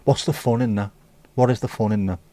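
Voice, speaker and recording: A man's voice: on the low side, fairly even intonation, a little fast, warm tone, no room sound. A British man hosting a casual livestream, reading out viewer comments and chatting about them in an opinionated, mildly profane way. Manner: reads viewer comments aloud and riffs on them. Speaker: livestream host.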